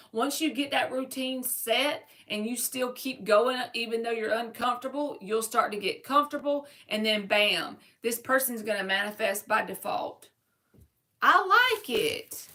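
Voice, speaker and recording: Bright chatty woman reading tarot. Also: fairly high pitch. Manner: chatty, quick, playful. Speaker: tarot reader. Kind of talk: casual live tarot reading.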